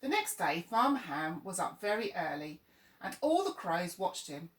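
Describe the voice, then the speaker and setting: A woman reading a children's story aloud in an expressive, lively way. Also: on the low side, moderate pace, far from the mic. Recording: echoey room, voice off-mic.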